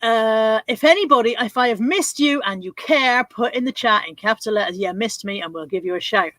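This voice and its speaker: A woman's voice: a little high, expressive, a bit bright, dry recording. Woman reading off viewer names. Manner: reads out viewer names in quick lists, laughs often. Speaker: livestream host. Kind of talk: casual livestream chat. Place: home desk with her dog beside her.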